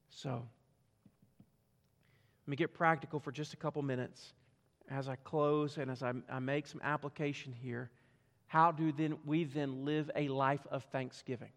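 Preaching emphatically in a church sanctuary, this high-voiced pastor moves between loud and hushed passages in his sermon. Long hall reverb fills the recording.

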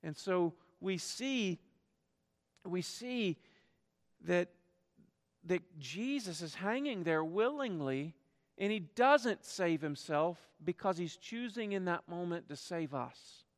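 A man preaching a sermon with passion, swinging between loud emphasis and quiet, drawn-out stresses. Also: high-pitched, animated. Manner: impassioned, acts out quoted voices, drops to quiet emphasis. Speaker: pastor. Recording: reverberant hall.

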